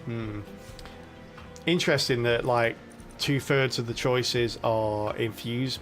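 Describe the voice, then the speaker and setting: A man's voice: medium pitch, very slow, long pauses, a bit bright, soft background music. A young British man casually commentating his game on a live stream, chatty and laughing often as he talks to his viewers.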